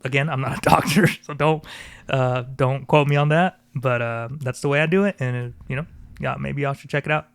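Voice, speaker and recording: A man co-hosting a podcast in casual chat, relaxed and rambling with many fillers. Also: medium pitch, brisk, creaky, smooth, no room sound. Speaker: podcast co-host.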